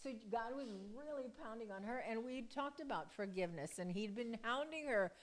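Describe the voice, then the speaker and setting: A woman's voice: on the high side, animated, a little fast. A woman casually telling a faith testimony to a group, chatty, laughing often and leaning on "you know.". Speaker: church member sharing a testimony.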